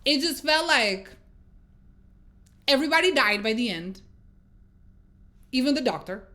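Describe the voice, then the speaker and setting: High-voiced woman ranting about a movie. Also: measured pace. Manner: exasperated, swearing, animated storytelling. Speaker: movie review vlogger. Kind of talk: casual spoken movie review.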